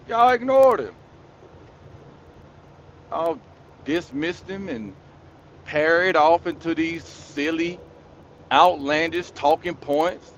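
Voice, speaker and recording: In this lo-fi clip with slight background noise, a commentary channel host lectures his audience in a repetitive, scolding rant, speaking to them directly. His male voice sits high with a fairly bright tone, and he keeps circling back to his points for emphasis.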